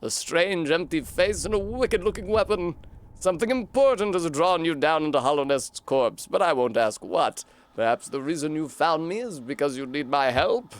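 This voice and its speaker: A man's voice: fairly high pitch, animated, close to an everyday voice. A man voicing an old male snail wizard in a put-on British accent, genteel and theatrical, reading game dialogue aloud. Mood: sly welcome. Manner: genteel, theatrical, drawn-out delivery.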